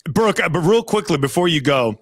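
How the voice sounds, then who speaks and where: A man hosting a podcast over a video call, telling stories in a rambling, animated way. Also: a little high, a little fast, dry recording. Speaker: podcast host. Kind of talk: casual storytelling chat.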